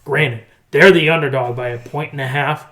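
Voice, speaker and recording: A man's voice: medium pitch, normal speed. A man co-hosting a casual football podcast, talking picks with emphatic energy. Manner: excited, emphatic picks talk. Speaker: podcast co-host. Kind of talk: casual sports chat.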